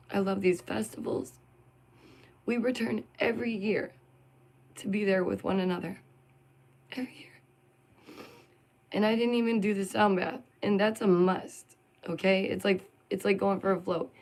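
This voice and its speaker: A woman's voice: medium pitch, low-quality recording. A middle-aged woman venting to her viewers in a casual, emotional vlog. She talks animatedly and laughs between points. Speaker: vlogger.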